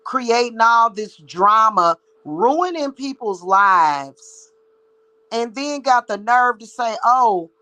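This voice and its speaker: A woman's voice: a little high, animated, takes it slowly, pushed and bright, low-quality recording. A woman who works as a psychic reader, ranting to her viewers in a blunt, heated, profane monologue. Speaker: psychic reader and spiritual practitioner.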